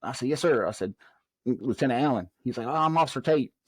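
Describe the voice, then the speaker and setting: This Southern US man, once a prison officer, speaks quickly in a husky, medium-pitched voice on a dry recording with no echo. During a podcast interview he lively recounts a long tale, performing the quoted dialogue of each character.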